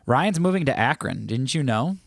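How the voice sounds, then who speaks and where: A man's voice: mid-range voice, big pitch swings, moderate pace, creaky, no room sound. An American man hosting a casual livestream from home, reading chat comments aloud in a playful, joking way. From United States. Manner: playful, joking, breaks into bits of song. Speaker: livestream host.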